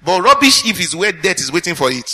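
Man, pastor preaching, husky voice, fairly high pitch, asks the congregation questions. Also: sing-song, fast, pushed and bright. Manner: earnest teaching preacher, addresses congregation with questions. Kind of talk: sermon.

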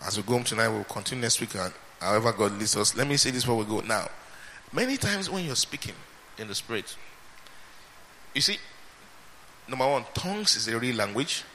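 A man preaching a sermon, emphatic and repeating his phrases, swinging between loud and soft. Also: medium pitch, lively intonation, fairly quick, pauses often, slight background noise. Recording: reverberant hall with faint ambience.

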